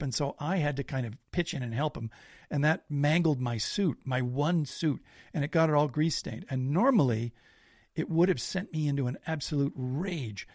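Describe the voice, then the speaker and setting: Gravelly male storyteller in a podcast chat. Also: fairly high pitch, dry recording, clean studio sound. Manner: animated anecdote-teller, self-deprecating. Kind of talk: casual storytelling.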